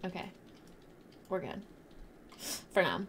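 A young woman streaming a game live, chatting bubbly with her viewers and teammates and bursting into loud shrieks. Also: on the low side, very animated, slow pace, a little hiss or hum. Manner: talks to chat and teammates while playing.

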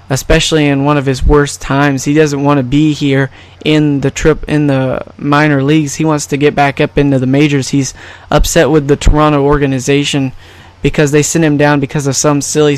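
A man's voice: on the high side, level tone, moderate pace, clear, resonant tone. A man giving casual, rambling and jokey commentary over a baseball video game. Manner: rambling, jokey, self-correcting. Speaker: gaming YouTuber.

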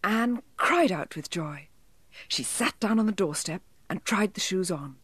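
A woman reading a children's story aloud, her pitch rising and falling with a lively, expressive delivery. Her tone is husky, sometimes dropping to a hush. The recording is dry and close, like a studio booth. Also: measured pace, no echo. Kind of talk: scripted children's story narration.

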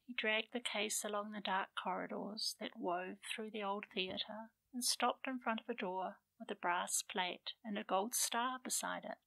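A woman author reading aloud her romance novel in an unhurried, intimate storytelling manner. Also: mid-range voice, gravelly, sharp tone, no echo, poor audio. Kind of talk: audiobook narration.

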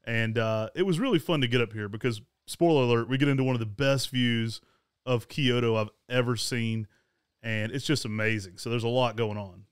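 A loud, talkative man with a drawl, chatting casually as a show co-host. His voice is smooth and clear, recorded close and dry with no room sound. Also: mid-range voice, normal speed, no echo. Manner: talkative, energetic, laughs often. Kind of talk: casual travel chat.

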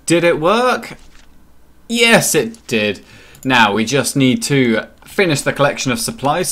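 Male gaming host, mid-pitched, chatty, playful play-by-play. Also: a bit bright. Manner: chatty, playful, talks to game characters. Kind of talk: casual gameplay commentary.

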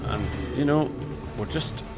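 A man hosting a let's play, giving excitable gameplay commentary, swearing and humming tunes over game music. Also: medium pitch, measured pace.

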